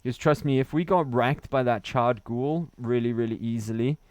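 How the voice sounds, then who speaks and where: A man's voice: medium pitch, normal speed, a little mellow, no echo. Chatty man streaming a game. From Wales. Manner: chatty, laughs often, reads chat aloud. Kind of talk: gaming livestream commentary.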